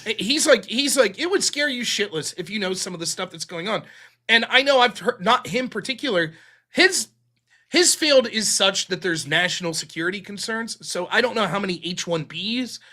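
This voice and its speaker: Male call-in host, high and bright voice, profane rambling storyteller. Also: expressive, moderate pace. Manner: profane, rambling storytelling retelling others' words. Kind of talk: casual political call-in talk.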